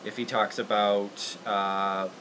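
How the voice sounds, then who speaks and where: A man's voice: fairly low pitch, flat delivery, takes it slowly, bright, forceful tone, a little hiss or hum, low-quality recording. A man hosting a casual livestream puppet-making tutorial, rambling and laughing at himself as he works. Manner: rambling, laughing, self-deprecating. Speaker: puppeteer host.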